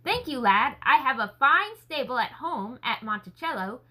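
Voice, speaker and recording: A woman voicing an eager gentleman scholar. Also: high-pitched, very animated, normal speed, exaggerated voice, low-quality recording. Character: earnest gentleman scholar, warm and enthusiastic.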